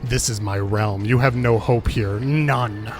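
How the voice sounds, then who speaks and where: A man reading the lines of a haughty, menacing female wind goddess from a video game, slow and grandiose. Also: medium pitch, steady tone, soft background music, pitched below the performer's own voice, close to an everyday voice.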